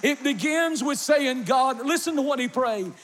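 A man with a high-pitched voice preaches a fervent sermon, dropping low and then climbing into shouts. His words ring through a big church hall with a long echo. He leans hard on repeated phrases. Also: expressive, normal speed, faint music behind. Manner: impassioned, swinging from soft to shouted emphasis. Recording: long reverb of a large hall.

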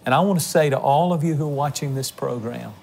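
A man's voice: medium pitch, fast, creaky, darkish tone. A man hosting a religious television program, making an earnest, emotional fundraising appeal to viewers. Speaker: television ministry host. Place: on location.

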